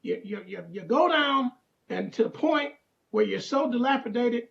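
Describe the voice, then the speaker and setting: An older man in his sixties with a gravelly, creaky voice speaks earnestly as a guest, often doubling back on his words. The sound is dull and lo-fi, like a remote line. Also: very high-pitched, animated, moderate pace. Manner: earnest, repeats words while finding them. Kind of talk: casual testimony on a talk show.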